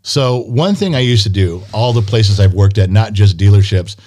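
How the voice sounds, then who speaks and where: This man's voice sits fairly low with a dark tone and moves at a moderate pace. Co-hosting a podcast in casual conversation, he rambles through stories, swears, and teases his fellow host.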